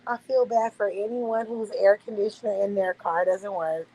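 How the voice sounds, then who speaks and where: A woman's voice: medium pitch, steady tone, normal speed, warm tone, rough recording. A woman hosting a casual livestream, chatting loosely with her viewers and swearing freely. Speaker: livestream host. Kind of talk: casual late-night livestream chat.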